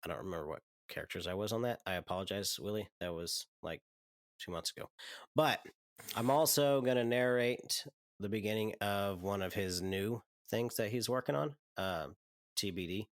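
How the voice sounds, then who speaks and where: A man's voice: fairly low pitch, moderate pace, no echo, clean studio sound. A man chatting as a podcast guest, hesitant and trailing off with frequent ums. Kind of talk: casual chat.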